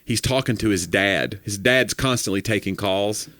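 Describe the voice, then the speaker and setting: A man co-hosting a podcast in casual comedic chat, telling jokes with animated delivery and acting out the voices in the quotes. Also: lowish voice, moderate pace. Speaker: podcast co-host.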